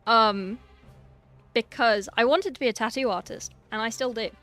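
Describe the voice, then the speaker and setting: Brief: young woman streamer, slightly high voice, chatty, faint music underneath. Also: normal speed, a bit bright. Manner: chatty, reading and answering chat aloud. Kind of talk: casual livestream chat while painting miniatures. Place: small room at home.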